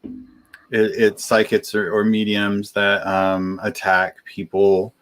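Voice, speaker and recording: A man co-hosting a casual podcast chat, speaking haltingly with many restarts as he tries to stay calm. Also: lowish voice.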